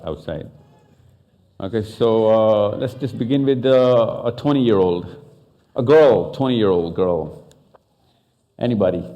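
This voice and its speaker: A man from Pakistan speaking on stage at a live talk, fast and interactive, mixing English and Urdu as he questions the audience. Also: sits low, mellow, lo-fi sound. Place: stage in a large hall.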